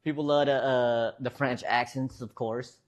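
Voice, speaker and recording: A man's voice: medium pitch, fairly even intonation, a little slow. A man streaming, chatting casually with his viewers in a rambling, hesitant way, restarting sentences and chuckling.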